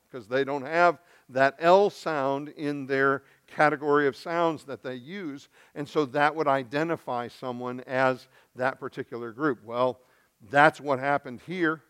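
Smooth-voiced preacher from Arkansas. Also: male voice, mid-range voice. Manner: animated, acts out voices in the story, swings from loud to hushed. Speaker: pastor. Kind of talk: sermon.

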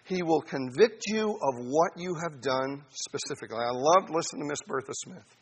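A man preaching a sermon, animated, addressing his listeners as saints and acting out little voices. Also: fairly high pitch, moderate pace, slightly rough. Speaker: pastor.

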